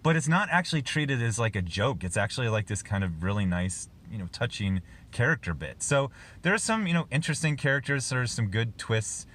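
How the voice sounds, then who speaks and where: A man chatting through a film review in a plain, mid-pitched voice. He rambles, stacks up fillers and restarts, and breaks into little chuckles along the way, which makes it sound unscripted and relaxed. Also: brisk. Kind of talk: casual film review vlog.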